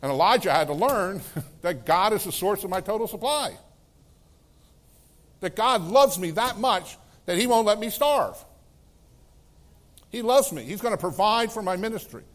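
Middle-aged male pastor, somewhat higher voice, preaching, laughs, sudden shouts and quiet asides. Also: animated, normal speed, pauses often. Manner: swings from loud exclamations to hushed, soft tones; laughs between phrases, conversational preaching. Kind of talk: sermon.

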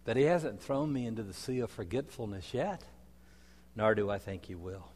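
A man preaching a sermon, telling stories dramatically, swinging from loud declarations to soft asides. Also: on the low side, expressive, normal speed. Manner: dramatic storytelling with wide swings in loudness. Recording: long hall reverb.

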